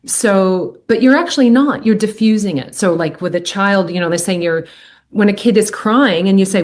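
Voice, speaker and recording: A middle-aged woman speaking as a podcast guest, earnest and animated, often acting out what people say. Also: medium pitch, normal speed. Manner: earnest, animated, acts out quoted speech. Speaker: podcast guest, medical intuitive. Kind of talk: reflective podcast conversation.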